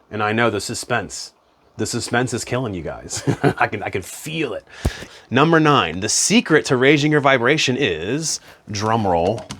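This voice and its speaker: A man's voice: fairly low pitch, fairly bright tone, a little hiss or hum. A man talking as a spiritual self-help coach in a casual, conversational monologue, often saying "you know" and "man".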